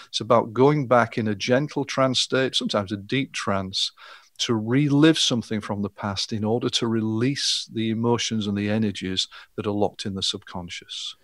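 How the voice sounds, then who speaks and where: A man's voice: mid-range voice, dry recording, studio quality. A middle-aged man, a hypnotherapist, explaining his work step by step in an interview. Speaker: hypnotherapist guest.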